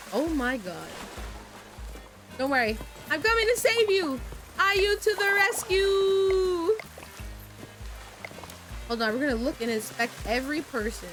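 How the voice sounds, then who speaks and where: A woman streaming a game, chatting casually in a chaotic, playful way with lots of stammered restarts. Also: fairly high pitch. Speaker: VTuber streamer. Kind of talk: casual gameplay commentary. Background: game music.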